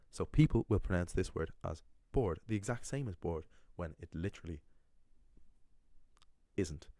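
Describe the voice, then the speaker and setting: Guy with a really low mellow voice going off about pronunciation mistakes, dry close sound. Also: dry recording. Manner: emphatic, critical, with frequent restarts. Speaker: Irish language teacher. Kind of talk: explaining pronunciation to learners.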